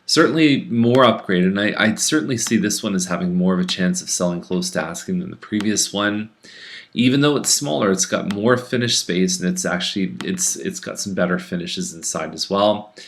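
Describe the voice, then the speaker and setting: A man's voice: deep voice, normal speed. A man who is a real estate agent, chatting casually through a rundown of home listings, with fillers and restarts. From Canada.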